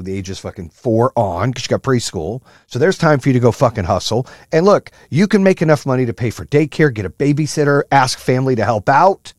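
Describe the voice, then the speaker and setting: A man giving a blunt, profane motivational rant, high-strung and fired up. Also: a little mellow, no echo, clean studio sound. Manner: blunt, heavy swearing, fired-up. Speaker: motivational speaker.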